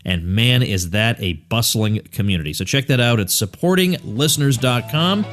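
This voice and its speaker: A man's voice: medium pitch, lively intonation, normal speed, fairly bright tone. A man hosting a podcast interview, with a radio-style voice, chatty and laughing easily. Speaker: podcast host. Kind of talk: casual interview chat.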